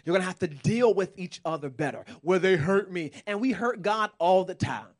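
A man's voice: high-pitched, lively intonation, a little fast. A man preaching a sermon with passion, calling out to the congregation.

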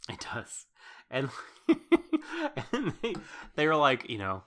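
A man's voice: mid-range voice, wildly swooping pitch, slow, fairly bright tone. A man co-hosting a podcast, recapping a show episode in casual chat, rambling with fillers and laughing often. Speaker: podcast co-host.

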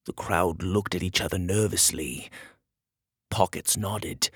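A man reading a storybook aloud as narrator, in an expressive, animated way. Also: deep voice, measured pace, slightly rough, dry recording, studio quality.

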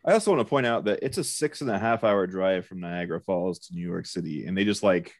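A man's voice: deep voice, quick pace, dry recording, clean studio sound. A man co-hosting a podcast, chatting casually with wry, joking complaints. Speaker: podcast co-host. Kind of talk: casual chat.

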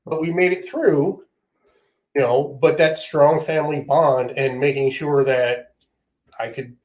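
Pria reflektif bersuara agak tinggi. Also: male voice, fairly high pitch, steady tone, measured pace, a little mellow, lo-fi sound. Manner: reflective, hedges with filler phrases. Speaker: police officer, former volunteer firefighter. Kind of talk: casual chat.

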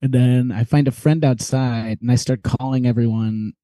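A man's voice: mid-range voice, moderate pace, no room sound. A young man co-hosting a podcast, telling a long story in casual chat, acting out the people in it and laughing often. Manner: animated storyteller, acts out quoted voices, laughs often. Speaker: podcast co-host.

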